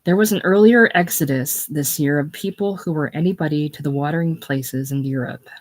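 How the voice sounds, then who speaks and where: An audiobook narrator reading a classic novel. The reading is measured and even, with plain steady delivery. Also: medium pitch. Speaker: audiobook reader.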